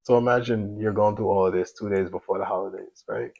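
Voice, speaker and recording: A man with a deep, gravelly voice tells his personal story in a casual, emotional testimony. His tone is husky and rough at the edges, and he keeps it conversational with easy slang. The sound is close and dry. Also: steady tone, quick pace, a little mellow, dry recording, dull audio. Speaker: single father telling his story.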